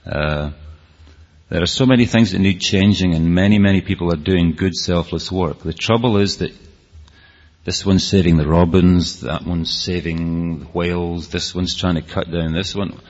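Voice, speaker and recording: Earnest and rambling, a man with a Scottish accent speaks to an audience, repeatedly restarting sentences. His low, darkish voice keeps fairly even intonation at a moderate pace, captured in a dull, lo-fi hall.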